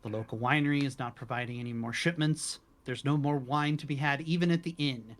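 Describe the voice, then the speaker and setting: A man narrates a tabletop game as its game master, describing places in unhurried detail with small asides. His voice sits in a middle pitch. He speaks into a call microphone. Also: steady tone, fairly bright tone. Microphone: headset or desk mic on a voice call.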